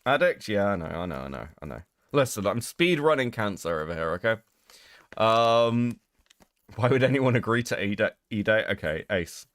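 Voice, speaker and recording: A sarcastic British man hosts a casual livestream, swearing freely as he reacts to chat. His pitch swings widely from low mutters to high mocking notes. The sound is close and dry, with no room around it. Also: big pitch swings, moderate pace, a bit bright, no room sound. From Britain. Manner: sarcastic, swears a lot, mocking voices when quoting others. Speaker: streamer host.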